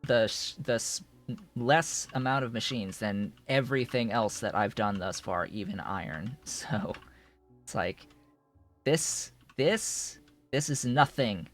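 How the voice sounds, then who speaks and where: A man's voice: lowish voice, measured pace, faint music behind. A man streaming a game, thinking aloud in a rambling way with many restarts. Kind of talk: casual live-stream commentary while playing.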